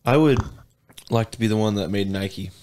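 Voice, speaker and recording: A man's voice: fairly low pitch, normal speed, a little mellow. A man hosting a casual podcast chat with friends, reading out questions in a laid-back way. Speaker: podcast host.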